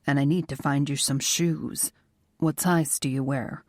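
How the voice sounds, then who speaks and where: A woman narrator voicing a protective man who talks gently but firmly. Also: rumbling low, fairly even intonation, unhurried, dry recording, clean studio sound, pitched below the performer's own voice. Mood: gentle. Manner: gentle and firm. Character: protective male bodyguard, gentle but firm.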